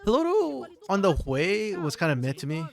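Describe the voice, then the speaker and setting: A man co-streaming an esports match, talking in a casual, joking, rambling way, his voice hoarse from yelling. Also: high voice, huge pitch swings, moderate pace. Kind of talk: casual live-stream commentary.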